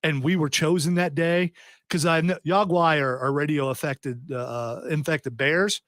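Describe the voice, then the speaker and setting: A man's voice: fairly high pitch, steady tone, a little slow, a bit bright, dry recording, clean studio sound. A man hosting a radio talk show, chatting casually with a rambling, restarting way of talking. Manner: rambling, many restarts and fillers. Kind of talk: casual group chat on radio. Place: radio studio.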